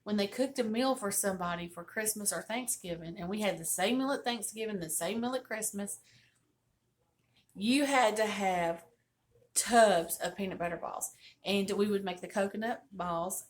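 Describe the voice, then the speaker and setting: An older woman hosting a home cooking video, chatting in a folksy way from her table at home. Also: medium pitch. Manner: folksy and chatty, churchy greetings. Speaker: host of a home cooking channel. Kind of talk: casual chat while cooking.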